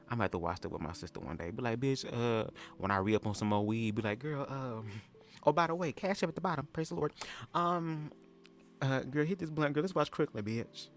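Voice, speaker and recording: A man hosting a casual livestream reaction chat, sassy and profane, telling stories and leaping into high-pitched impressions. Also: a little fast. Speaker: livestream host.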